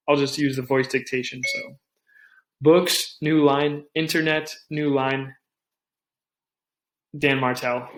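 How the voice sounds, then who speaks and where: A young man hosting a casual tech tutorial, talking things through with asides and quick restarts. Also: a little high, echoey room. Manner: chatty, thinks aloud with restarts and asides. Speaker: tech tips host. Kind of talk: casual screen-recorded tutorial.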